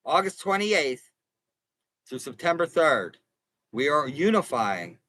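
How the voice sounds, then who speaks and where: A man's voice: fairly high pitch, sing-song, slow, long pauses, pushed and bright, no room sound, poor audio. Guy livestreaming on his phone from an rv, earnest and rambling, keeps restarting his sentences, dry close sound. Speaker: livestream host and consumer advocate. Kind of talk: casual livestream chat with viewers. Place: inside an RV.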